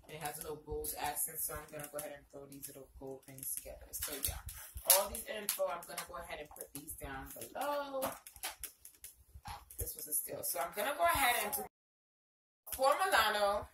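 A woman casually chatting through a shopping haul at home, leaning on fillers and repeating "go ahead" often. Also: lowish voice. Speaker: vlogger. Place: home, indoors. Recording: echoey room, distant mic, noisy background.

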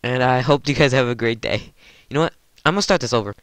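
A man hosting his gaming channel, giving excited gameplay commentary, giddy and stammering, addressing his viewers as guys. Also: mid-range voice, fast, dry recording.

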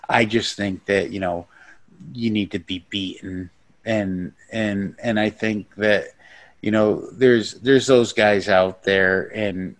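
A man, a stand-up comedian, chatting as a guest on a podcast in a blunt, rambling, profane way. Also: lowish voice. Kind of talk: casual podcast chat.

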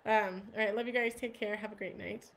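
A woman talks casually on a phone live stream, recapping for her viewers. Her pitch sits in the middle range, and her speech runs loose and chatty, full of "like" and "um". She stops often to greet viewers by name. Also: steady tone, fairly quick, gravelly.

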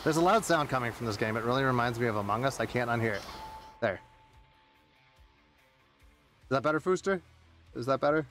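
A man's voice: medium pitch, expressive, a little fast, long pauses, a bit bright, faint music behind. A man streaming a game, chatting casually with friends, rowdy, joking and swearing a lot. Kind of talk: casual live-stream chat.

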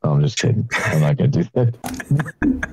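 A man guesting on a podcast, joking around in relaxed casual chat. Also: on the low side, normal speed, slight background noise. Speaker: guest band member.

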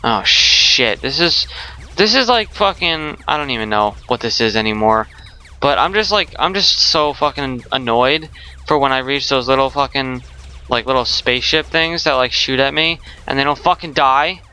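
Young man, game commentary, cursing nonstop, bright sharp voice, smooth clear tone, faint music behind. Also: medium pitch, expressive, moderate pace. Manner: swearing constantly, exasperated outbursts. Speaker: gaming YouTuber. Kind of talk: rage gameplay commentary.

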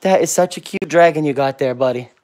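A man's voice: on the high side, fairly quick, darkish tone. A man hosting a casual livestream with viewers, answering comments one by one and cooing baby talk at his pets. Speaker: pet vlog host.

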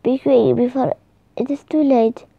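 A woman's voice: sits high, no room sound. A woman reading as a timid little male gnome. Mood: fretful. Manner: halting, with restarts. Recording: slightly dull lo-fi recording.

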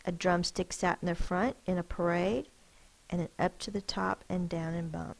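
A woman's voice: lowish voice, fairly even intonation, moderate pace, creaky, rough recording. A woman teacher giving a spelling lesson, carefully sounding out each word letter by letter.

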